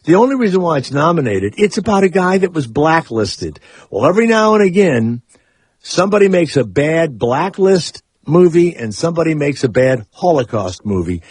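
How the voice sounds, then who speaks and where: A man's voice: a little high, big pitch swings, normal speed, a little mellow, breathy edge, dry recording. A man hosting a radio talk show, rambling and opinionated in casual chat. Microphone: studio microphone.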